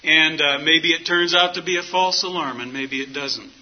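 Middle-aged guy preaching, folksy storyteller, kinda high voice, muffled lo-fi sound. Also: moderate pace. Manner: folksy storytelling, acts out quoted dialogue. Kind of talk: sermon with personal story. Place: church meeting hall.

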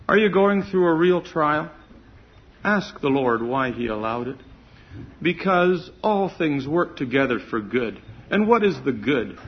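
A man preaching a sermon in an earnest, emphatic way, swelling on key words. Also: a little high. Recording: muffled lo-fi recording.

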